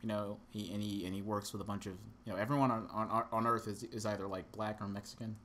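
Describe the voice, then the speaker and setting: Bright-voiced rambling young man. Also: lowish voice, steady tone, fast talker, a little hiss or hum. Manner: rambling, sarcastic, lots of fillers. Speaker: podcast co-host reviewing a movie. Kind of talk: casual podcast chat.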